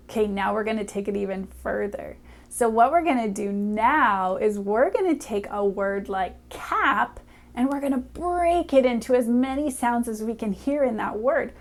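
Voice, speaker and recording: A woman's voice: a little high, faint music behind. Cheerful woman teaching early reading. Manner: cheerful, encouraging, speaks directly to a child; sounds out letters slowly and clearly. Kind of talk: upbeat children's reading lesson.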